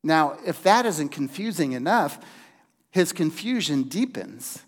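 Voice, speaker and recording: A man preaching a sermon in a slow, deliberate way, with dramatic pauses and hushed emphasis. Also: a little high, very animated. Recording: long hall reverb.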